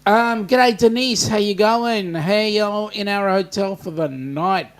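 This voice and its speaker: A man's voice: high voice, takes it slowly. An Australian man co-hosting a casual livestream, reading out viewer greetings and teasing his co-host.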